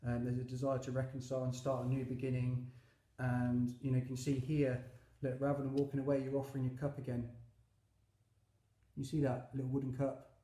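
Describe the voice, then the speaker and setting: A man's voice: medium pitch, monotone, fairly quick, dark tone, reverberant. A man giving a chatty, enthusiastic tarot reading, with many fillers and asides. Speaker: tarot reader.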